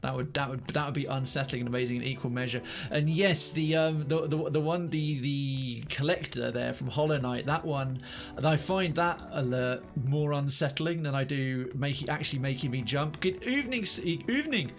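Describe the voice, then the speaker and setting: A man streaming a video game live, chatting excitedly, often stammering and restarting his sentences, and quick to get startled. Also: mid-range voice, soft background music. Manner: jumpy, startled easily, exclaims. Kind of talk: live let's-play commentary.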